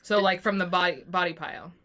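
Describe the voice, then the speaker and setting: A woman's voice: fairly low pitch, steady tone, quick pace, pushed and bright. A woman playing a tabletop game, casually asking about her turn. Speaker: player.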